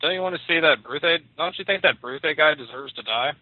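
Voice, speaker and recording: A man's voice: mid-range voice, fairly even intonation, moderate pace, no echo, lightly acted. An eager village neighbor who needles his friend to come and watch a duel, as a male storyteller puts him on. He talks in a keen, gossiping way. The sound is narrow and phone-like, and dry. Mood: needling. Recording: tinny dry phone line.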